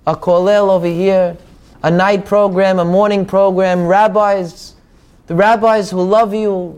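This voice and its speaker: A man's voice: sits high, a little mellow. A man preaching a sermon, telling a story with animation and acting out the people in it.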